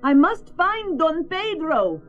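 A woman's voice: sits high, measured pace, voice pushed up. A woman voicing a brave little girl who loves her donkey, pleading and urgent, in a slightly muffled lo-fi storybook recording with faint music. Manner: pleading, then urgent and excited.

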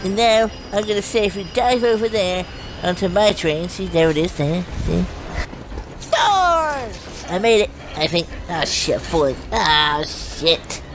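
A woman's voice: medium pitch, noisy background. Brash, cursing woman narrating gameplay. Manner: profane, brash, yelling at enemies. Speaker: gameplay commentator. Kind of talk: comedic let's-play commentary. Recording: game sounds loud behind the voice.

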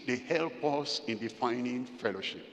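A man's voice: mid-range voice, animated, moderate pace. An older man preaching a sermon, asking his listeners questions and acting out what spouses say to each other. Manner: preaching with rhetorical questions to the congregation; acts out spouses' remarks in little quoted scenes. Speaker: pastor. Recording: long echo of a large hall.

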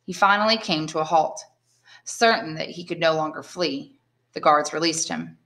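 A woman, an English teacher, reading a classic novel aloud in clear, measured narration. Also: low-pitched, a bit bright. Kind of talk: audiobook reading.

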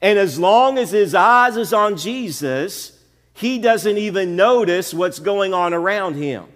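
High-voiced preacher in a reverberant church. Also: male voice, expressive, unhurried, fairly bright tone. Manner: preacherly, repetitive calls of "amen?". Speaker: pastor. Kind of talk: sermon. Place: church sanctuary.

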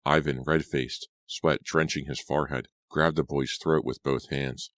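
A man narrating an audiobook in a steady, measured reading style. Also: a bass voice, no room sound, clean studio sound. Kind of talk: scripted storybook narration.

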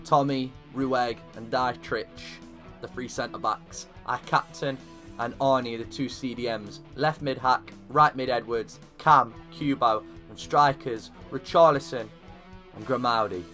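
Excitable man commentating a game. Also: medium pitch, unhurried, soft background music. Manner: excitable, shouting at big moments. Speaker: video game player. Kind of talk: gaming commentary.

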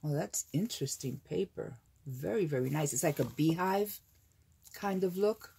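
A woman's voice: low voice, animated, moderate pace, gravelly, mellow, husky. An older American woman hosting a casual crafting unboxing, gushing and gasping with delight over papers. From United States. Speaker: crafting channel host.

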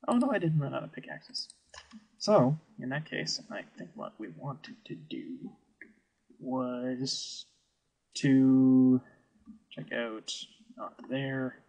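A man giving slow, wry gameplay commentary, musing to himself as he plays. His voice is gravelly and husky, and his pitch swings widely. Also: a little mellow, rough recording. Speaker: let's play host.

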